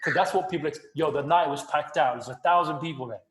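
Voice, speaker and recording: A man co-hosting a podcast, telling a story in a casual, animated way with frequent laughs and swearing. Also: on the high side, fast talker, faint music behind. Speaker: podcast co-host. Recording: roomy echo.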